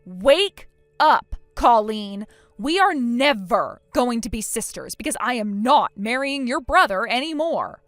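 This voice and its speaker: A woman's voice: fairly high pitch, big pitch swings, normal speed, hardly any pauses, fairly bright tone, no room sound, soft background music. A woman voicing a furious, injured young bride who speaks in a cold, scornful and firm way. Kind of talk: text-message story voice acting.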